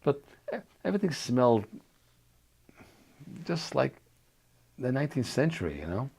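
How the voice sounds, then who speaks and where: A man's voice: mid-range voice, big pitch swings, moderate pace, vocal fry, darkish tone, husky. An older man from New York reminiscing in an oral history interview, talking loosely with restarts and fillers.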